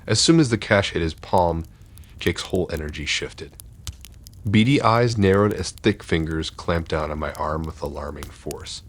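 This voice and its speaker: A man reading horror stories aloud in a steady, dark scripted narration. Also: sits low, moderate pace, slightly rough.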